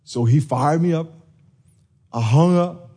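A man preaching a sermon, telling stories with animated energy and acting out the quoted voices. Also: on the high side, takes it slowly, husky. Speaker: pastor.

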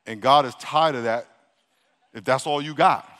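Preaching at normal speed in a medium-pitched voice, a male pastor addresses his congregation directly and calls on them to pray loud. His exhorting, repetitive delivery has a casual, Southern-leaning flavor. He's on a handheld or stage microphone in a large church hall, and the sound carries long reverb.

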